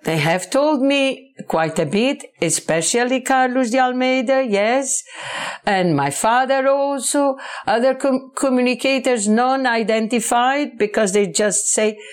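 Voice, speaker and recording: A woman, a book author answering interview questions in English, halting and searching for words. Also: fairly high pitch.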